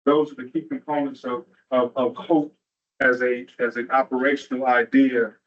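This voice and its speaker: A man from Atlanta delivers a motivational, story-driven keynote at a training event, speaking rhythmically with rhetorical asides. His mid-range voice keeps a level tone at a normal speed, and the recording from the large room sounds muffled and distant from the mic.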